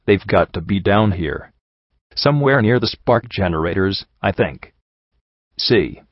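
Storybook role: a man playing a jaded mare guard, bored and foul-mouthed, low-pitched, dry recording. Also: lively intonation, a little slow, no echo, lo-fi sound. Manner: bored, blunt, profane. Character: jaded female pony security guard, blunt.

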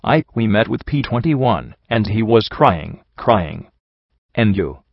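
Heartbroken young pegasus mare read by a man, low voice, dry muffled sound. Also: very animated, slow pace, creaky, husky, no room sound, heavily acted. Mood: hurt, pleading. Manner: emotional, pleading, sobbing delivery. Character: tearful young female pegasus pony, hurt and scolding.

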